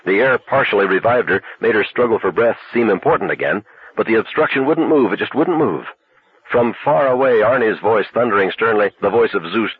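A man narrating a novel as an audiobook in a steady, measured way. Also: fairly low pitch. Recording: tinny narrow-band recording.

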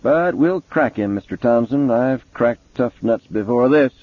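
A swaggering police chief barks orders and boasts in a raised, raspy voice, as a man puts him on. His speech is blunt and profane. The sound is tinny and phone-like, with a dry, close feel. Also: mid-range voice, animated, a little slow, dry recording, pitched above the performer's own voice. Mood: gruff, cocky. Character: brash, profane middle-aged male police chief.

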